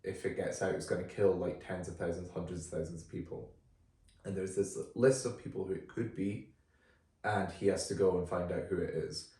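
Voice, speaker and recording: Man, low-ish voice, casual film podcast chat, roomy sound, off-mic. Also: a little fast, distant mic. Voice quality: relaxed, chatty with frequent fillers. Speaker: podcast co-host.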